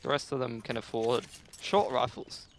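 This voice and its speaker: A man with a gravelly voice giving measured, dry analysis of an esports match and dropping wry asides. Clear noise sits behind his voice. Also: mid-range voice, fairly even intonation. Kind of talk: esports colour commentary.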